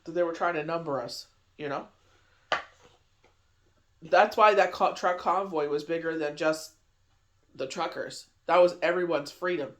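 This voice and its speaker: High-voiced chatty man. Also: unhurried, pauses often. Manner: rambling, chatty, heavy on "you know" fillers. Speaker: tarot reader. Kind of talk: casual daily tarot reading.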